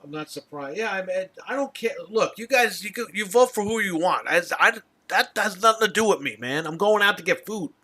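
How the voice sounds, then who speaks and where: Podcast host, male, raised tone, sharp edge, swears freely while venting. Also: high-pitched, lively intonation, a little fast, few pauses. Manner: profane, exasperated storytelling. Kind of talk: casual ranting chat.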